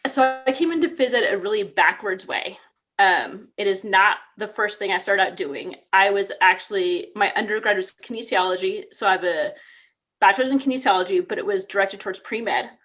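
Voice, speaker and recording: A woman's voice: medium pitch, brisk, a bit bright. A woman in her thirties from California, chatting as a podcast guest about her teaching career, upbeat and full of "like". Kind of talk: casual interview conversation.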